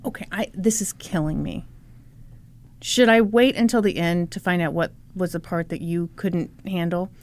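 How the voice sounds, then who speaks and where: A woman's voice: lowish voice, normal speed, a little mellow. A woman co-hosting a podcast, chatting in a giggly, playful and sarcastic way. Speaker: podcast co-host. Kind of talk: casual chat.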